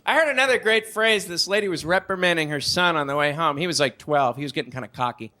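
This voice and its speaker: A man's voice: on the high side, quick pace. A young man doing a live stand-up routine on a comedy club stage, acting out the people in his stories. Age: young adult. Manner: animated storytelling, acting out voices. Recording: noisy live stage recording.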